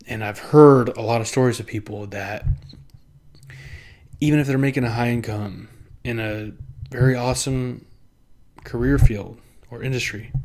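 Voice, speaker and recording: A young man talks to camera in a loose, rambling vlog. His pitch sits at an ordinary middle level for a man. He swears freely, mocks himself and laughs often as he goes. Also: darkish tone. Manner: rambling, profane and self-mocking, often laughing; acts out other people in quick put-on voices. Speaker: vlogger. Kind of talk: casual monologue to camera.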